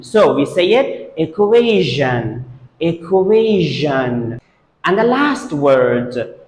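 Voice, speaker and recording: A man whose first language is Persian teaches pronunciation, drilling each word slowly and saying it again and again. His slightly high voice moves up and down a lot. The room is echoey, and the sound trails off in a long reverb. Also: fairly bright tone. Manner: drills words slowly, repeating each several times. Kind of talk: pronunciation lesson.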